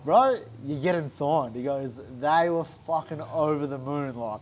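An Australian man retells his story in a loose, animated way, scattering "like" and swear words. His voice sits a little high for a man. Faint noise runs underneath. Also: a little slow. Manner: animated, swears often, heavy use of "like". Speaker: interview guest, fighter. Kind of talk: casual storytelling chat.

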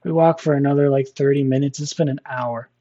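Man, storyteller guest, mellow tone, rambling delivery with fillers, dull lo-fi recording. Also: medium pitch, fairly even intonation, a little fast. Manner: rambling, many fillers and restarts. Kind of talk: casual spoken storytelling.

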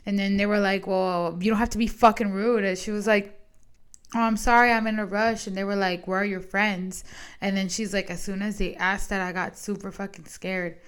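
Young female co-host, casual chat, animated storyteller, cusses a lot. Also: medium pitch, brisk, clean tone. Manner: animated storytelling, frequent swearing and "like". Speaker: podcast co-host.

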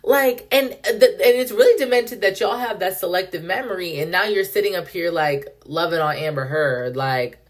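A woman's voice: lowish voice, moderate pace, few pauses. A young woman hosting a solo podcast, ranting in a heated, profane way and saying "like" constantly. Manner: heated, profane, heavy use of "like". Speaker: podcast host.

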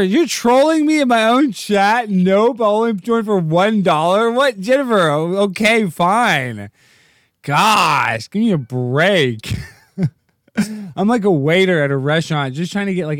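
A man hosting a livestream, rambling and joking, sometimes jumping into goofy high-pitched bits. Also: no echo, studio quality. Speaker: livestream host. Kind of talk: casual livestream rant.

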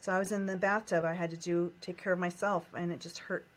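A woman's voice: lowish voice, flat delivery, fast talker. Emotional woman retelling a painful memory. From United States. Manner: emotional, repetitive, recounts childhood pain in short phrases. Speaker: guest. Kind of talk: personal storytelling in a coaching session.

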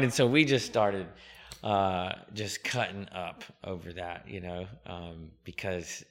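A man's voice: low-pitched, fairly even intonation, slow pace, pushed and bright. A man in his fifties chatting casually as a podcast guest, humble and rambling with plenty of fillers. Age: 50s. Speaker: podcast guest, company founder. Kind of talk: casual interview chat.

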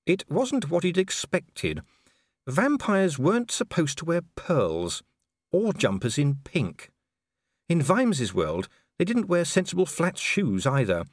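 A man reading a comic fantasy novel aloud. His narration is wry and expressive, with a lively pitch. The recording is close and dry. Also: dry recording. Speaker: audiobook narrator. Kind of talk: scripted narration.

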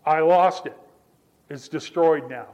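Man, pastor, sermon, high voice, conversational storytelling, repeats phrases for emphasis. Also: takes it slowly, darkish tone. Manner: repetitive, building emphasis through restated phrases; conversational, addresses listeners directly.

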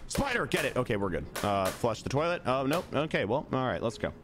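A man's voice: mid-range voice, very animated, brisk, music in the background. Young man chatting through a game. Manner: chatty, mutters to himself while playing. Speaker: streamer. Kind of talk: casual gaming commentary.

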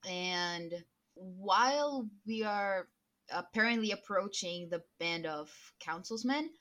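A woman playing in a tabletop game, excitable and hedging with fillers. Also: mid-range voice, takes it slowly. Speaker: player.

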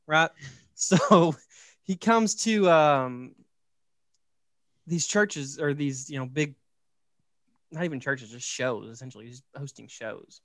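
A man with a fairly high voice runs through a story in casual podcast chat, animated and joking. He keeps checking in with "right?" and leaning on "like". The recording is close and dry. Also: normal speed, dry recording. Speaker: podcast host.

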